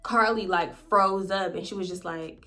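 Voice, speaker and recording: A young woman, casually telling a story to her viewers and acting out her friends' lines in quick quotes. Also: lowish voice, steady tone, bright, forceful tone, soft background music. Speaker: storytime YouTuber.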